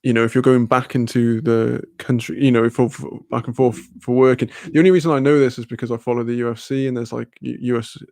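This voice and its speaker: A man's voice: medium pitch, steady tone, fast talker, vocal fry, hardly any pauses, darkish tone, dry recording, clean studio sound. A Welsh man streaming a casual chat, laughing often, swearing freely and reading chat messages aloud. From Wales.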